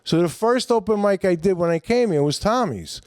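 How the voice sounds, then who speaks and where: A man's voice: sits high, animated, normal speed, a little mellow, clean tone, no room sound, studio quality. An older man, a comedian telling long stories on a podcast in a loose, rambling, profane way. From New York. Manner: rambling, profane, acts out quoted voices. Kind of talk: casual storytelling chat.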